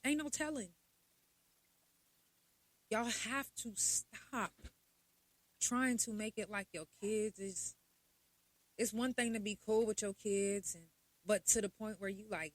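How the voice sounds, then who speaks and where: A young adult woman, hosting a podcast in a blunt, profane, animated casual monologue. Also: medium pitch, measured pace, long pauses, no room sound. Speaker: podcast host.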